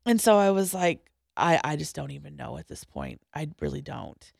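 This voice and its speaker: A young woman telling a personal story as a podcast guest, halting, with restarts and pauses, going quiet at the hardest parts. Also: low voice, huge pitch swings, creaky, dry recording, studio quality. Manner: halting, with frequent restarts and trailing-off lines, dropping quiet at hard moments.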